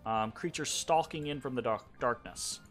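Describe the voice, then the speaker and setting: Acting as game master for a tabletop game, a man narrates casually, using many fillers. His mid-range voice has a fairly bright tone and moves at normal speed, with soft music playing in the background.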